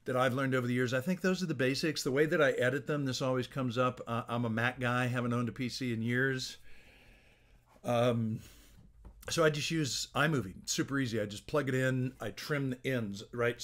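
A middle-aged man talks straight to camera, giving a business coach's casual tips on making videos. He speaks at an ordinary pitch and keeps a loose, friendly, conversational flow with many small restarts and fillers. The sound comes from a small plug-in phone mic in a home office lined with books. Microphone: small plug-in phone microphone.

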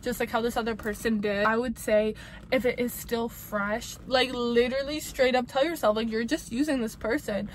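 A woman's voice: a little high, fairly even intonation, normal speed, slight background noise, low-quality recording. A young woman giving casual advice to camera, chatty and emphatic, full of "like" and "babes" and free with swear words. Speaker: vlogger giving breakup advice.

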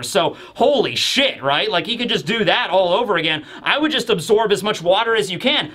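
A chatty man reviewing a manga chapter in an animated, digressive way. His voice sits fairly high and has a bright, forceful tone. He keeps breaking off into excited tangents. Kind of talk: casual commentary.

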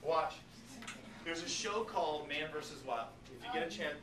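A biology teacher lecturing his class, animated and joking, talking straight to his students. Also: a little high, moderate pace, crowd noise. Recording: echoey classroom, distant mic, noisy.

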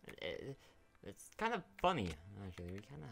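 A man's voice: on the low side, wildly swooping pitch, a little fast, gravelly, fairly bright tone, slight background noise. Rambling, foul-mouthed young man gaming. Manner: rambling, swears freely, talks to game characters. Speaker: gaming YouTuber. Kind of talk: casual gameplay commentary.

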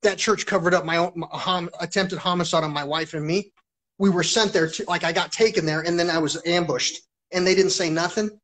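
A man's voice: sits high, fairly even intonation, brisk, a bit bright. A man hosting a live stream, telling a long story in an agitated, profane ramble and repeating himself.

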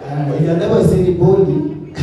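High dark-toned comic guy from cameroon, animated stand-up, echoey hall mic far off. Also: unhurried, highs cut off. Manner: animated, switching into character voices. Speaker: stand-up comedian. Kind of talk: live stand-up comedy. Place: live event hall.

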